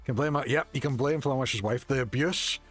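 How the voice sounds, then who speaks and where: Streaming a video game from his desk at home, a man chats casually, joking and poking fun at himself. His medium-pitched voice is a little fast, fairly bright and husky, with faint game music behind him.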